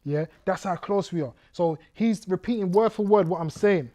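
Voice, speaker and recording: Animated man telling his testimony. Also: high voice, moderate pace. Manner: vivid storyteller who reenacts scenes and directs the audience. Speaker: guest speaker. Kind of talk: testimony storytelling to a youth audience.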